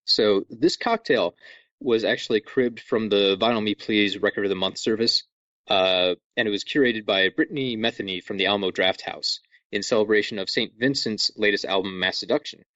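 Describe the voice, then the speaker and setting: A man hosting a podcast in a casual, jokey way, walking listeners through things with lively asides. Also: fairly low pitch, moderate pace, no room sound, dull audio. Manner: jokey, animated, over-explaining. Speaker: podcast host.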